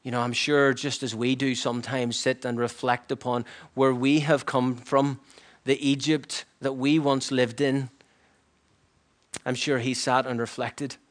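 A man preaching a sermon in an earnest, reflective way, often dropping to a hushed near-whisper. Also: medium pitch, little pitch movement, unhurried.

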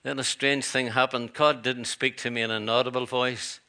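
A man's voice: mid-range voice, little pitch movement, moderate pace, creaky, bright, forceful tone. A middle-aged man, a pastor preaching a sermon in a church, earnest and repetitive, with chatty asides.

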